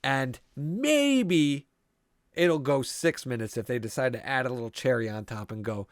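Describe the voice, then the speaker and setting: A podcast co-host with a mid-range, expressive, slightly bright voice casually recaps a movie scene by scene at a moderate pace. He's a profane, rambling storyteller, and the recording is dry with clean studio sound.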